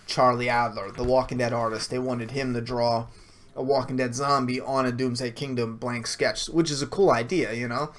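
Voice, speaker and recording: Blunt, casual man talking comics. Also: mid-range voice. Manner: casual, blunt, swears freely, frequent restarts. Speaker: comic creator answering viewer questions. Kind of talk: casual Q&A livestream.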